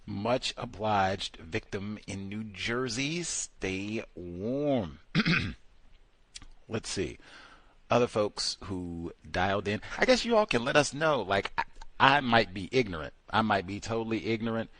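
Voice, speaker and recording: A man, hosting a call-in radio show. His pitch swings widely as he riffs, often breaking into mocking impressions. The sound is dry and close, like a studio mic. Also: slow, no echo. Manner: animated, mocking voices of others, frequent laughter. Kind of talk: call-in talk radio commentary.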